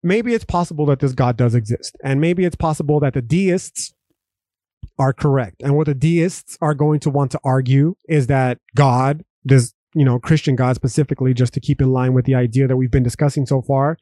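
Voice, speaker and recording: A man's voice: mid-range voice, normal speed, dark tone, no room sound, studio quality. A young man from Texas hosting a solo podcast, ranting emphatically with heavy profanity and frequent restarts. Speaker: podcast host. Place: home room.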